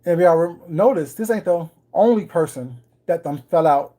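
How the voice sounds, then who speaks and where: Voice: mid-range voice, normal speed, dark tone. A livestream host chatting casually with viewers from a home kitchen, greeting people by name and speaking in a wry, ironic way. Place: home kitchen while baking.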